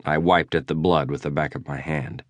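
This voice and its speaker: Deep, dry-voiced male audiobook narrator. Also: fairly even intonation, moderate pace, no room sound. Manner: dry, understated, wry. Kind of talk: first-person audiobook narration. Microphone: close studio mic.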